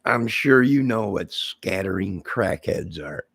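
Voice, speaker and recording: Slow, gravelly area man. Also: low-pitched, expressive, fairly bright tone, no room sound. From Illinois, near Chicago. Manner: rambling, joking, answers viewer comments aloud. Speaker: livestream host chatting with viewers. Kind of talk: casual rambling livestream chat.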